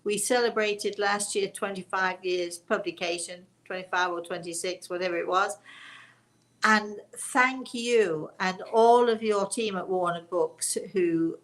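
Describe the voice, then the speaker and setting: An older woman who works as a spiritual medium chats in a rambling way to a live-stream audience, often correcting herself and laughing. Her mid-range voice is unhurried and a bit bright.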